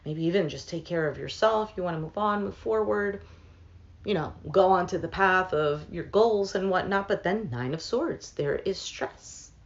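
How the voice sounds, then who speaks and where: A woman's voice: fairly low pitch, normal speed. Lo-fi woman giving a casual tarot reading. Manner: thinks aloud with fillers, speaks to viewers as "some of you". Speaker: tarot reader.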